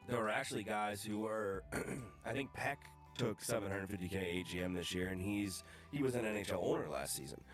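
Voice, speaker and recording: A man, the league commissioner, explaining rules in a rambling, restart-filled casual way. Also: lowish voice.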